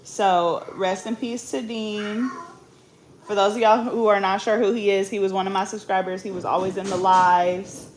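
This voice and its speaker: A young woman from the Bay Area chats casually to her viewers in a loose, slangy, joking way. Her voice sits at an ordinary middle pitch, with a steady hiss of background noise under the recording. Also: moderate pace. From Bay Area, California. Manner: loose, slangy and joking, with bursts of loud scolding. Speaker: vlogger. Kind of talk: casual chat.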